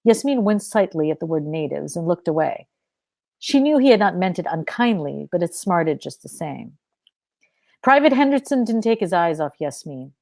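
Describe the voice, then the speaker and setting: A woman author reading her fiction aloud in a measured, expressive narration. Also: fairly low pitch, vocal fry, no echo.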